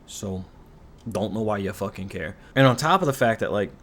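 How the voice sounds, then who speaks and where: A man's voice: on the low side, lively intonation, normal speed, a bit bright, a little hiss or hum. A man recapping a TV show in a rambling, profane, sarcastic rant, full of asides and complaints. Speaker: commentary YouTuber.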